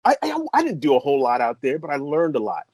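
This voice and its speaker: Brief: middle-aged Midwestern-raised man, eager storyteller, lively swooping pitch, dry studio sound. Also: fast, breathy edge, no room sound. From American Midwest. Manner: excitable, laughs often, jumps to high pitch when excited. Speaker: interview guest, composer and voice artist. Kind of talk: animated storytelling in conversation.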